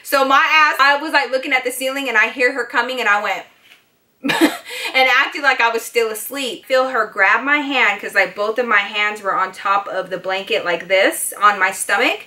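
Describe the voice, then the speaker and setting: A woman vlogger tells a personal story in a casual, animated way, talking straight to her viewers. Her voice is bright and a touch high, sprinkled with "like" and "you guys.". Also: moderate pace. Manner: animated, fillers like 'like' and 'you guys'. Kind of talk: storytime vlog.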